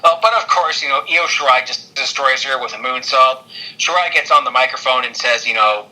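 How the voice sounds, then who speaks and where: A man co-hosting a podcast, rambling excitedly through a wrestling recap with lots of fillers and laughter. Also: mid-range voice, a little fast, low-quality recording. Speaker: podcast co-host. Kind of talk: casual wrestling recap chat.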